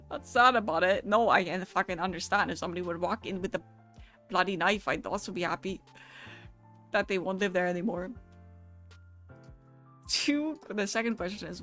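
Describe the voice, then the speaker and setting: A woman's voice: lowish voice, fairly bright tone, soft background music. A young woman streamer chatting casually and reading viewer messages aloud, swearing freely in a loose, joking way. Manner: casual, profane, quick to laugh.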